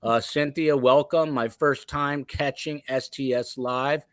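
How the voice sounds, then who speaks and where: A man's voice: medium pitch, steady tone, measured pace, fairly bright tone, smooth, no echo. Guy hosting a live crime podcast, reads comments, dry close sound. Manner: reads viewer comments, asks guests long questions. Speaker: podcast host.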